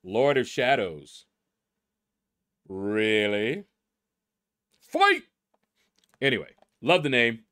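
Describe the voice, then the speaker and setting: A man's voice: mid-range voice, slow, long pauses, fairly bright tone. A middle-aged man hosting a gaming channel, casually reading out leaderboard names and musing aloud as he stumbles over them.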